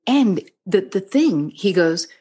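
A woman's voice: mid-range voice, expressive, takes it slowly, mellow, slightly rough. A middle-aged woman from New Jersey with a New Jersey accent, a psychotherapist talking casually on a podcast, candid, swearing freely and acting out the dialogue in her stories. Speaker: psychotherapist guest.

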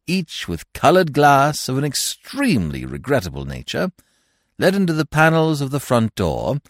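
A man narrating a classic comic novel in a wry, expressive manner, recorded on a close microphone. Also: mid-range voice, no echo.

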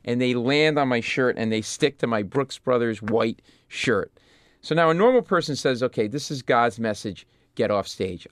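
A middle-aged comedian from Rhode Island, telling stories as an interview guest in an animated, stumbling way. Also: male voice, medium pitch, no echo, studio quality. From Providence, Rhode Island. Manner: animated, stumbles and restarts mid-sentence. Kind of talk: conversational storytelling.

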